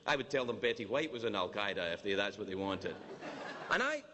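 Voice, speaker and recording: A Scottish man performs a teasing, mock-indignant stand-up monologue as the comedian at a formal dinner in a large banquet hall. His voice is on the low side, expressive and a little fast. The long reverb of the hall carries over background noise.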